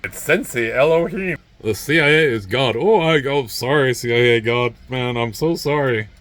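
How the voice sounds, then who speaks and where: A man's voice: medium pitch, moderate pace, fairly bright tone. A man vlogging alone in a rambling, sardonic monologue full of grunts and muttered asides.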